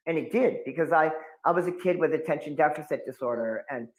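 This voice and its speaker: A man's voice: a little high, fast talker. A man in his fifties from New England, telling long stories as an occult expert guest and acting out the people he quotes. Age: 50s. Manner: animated storyteller acting out quotes. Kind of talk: storytelling interview. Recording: roomy echo.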